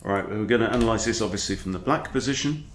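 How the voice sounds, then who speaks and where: A man, a chess coach talking through his own game in a chatty, animated way. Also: on the low side, fast talker, slight background noise. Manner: chatty, animated, breaks off to scold his dog. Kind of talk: casual game commentary. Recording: echoey room.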